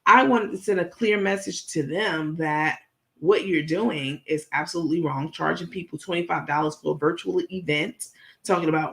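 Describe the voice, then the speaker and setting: A woman hosting a casual commentary vlog, talking straight to her viewers in an animated, profane, digressive way. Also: fairly low pitch, moderate pace, vocal fry. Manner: playful, digressive storytelling. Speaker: commentary vlogger.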